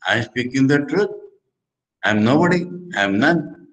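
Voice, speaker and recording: A man with an Indian English accent, a monk quoting a humble, devout male saint in calm, plain statements within a discourse. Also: mid-range voice, moderate pace, close to an everyday voice, low-quality recording.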